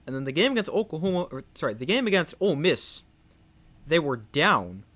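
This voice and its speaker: A young man giving live play-by-play commentary on a football game, growing excited on big plays. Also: fairly high pitch, fairly quick. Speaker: play-by-play streamer.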